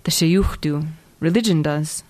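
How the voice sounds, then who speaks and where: A woman's voice: deep voice, measured pace, darkish tone. A woman reading the lines of a passionate, hotheaded young man who speaks urgently and pleads. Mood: desperate, angry. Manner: urgent, pleading, hoarse at times.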